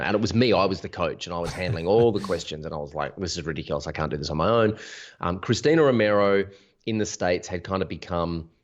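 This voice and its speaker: Deep-voiced guy chatting about his business, lots of examples, bit muffled lo-fi audio. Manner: energetic, explains with examples and restarts. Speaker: interview guest, business founder. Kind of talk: casual conversational interview. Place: Sydney. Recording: dull lo-fi sound.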